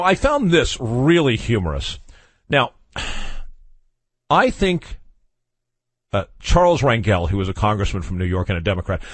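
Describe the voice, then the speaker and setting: A man's voice: mid-range voice, no echo. A man hosting a radio talk show, chatting casually in a wry, opinionated way with chuckles and asides. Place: radio studio.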